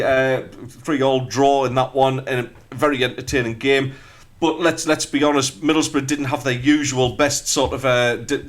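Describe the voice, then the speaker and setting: North East English male pundit, chatty and rambling, everyday mid voice. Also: mid-range voice. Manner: chatty, frequent fillers and restarts. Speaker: football pundit. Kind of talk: casual radio chat.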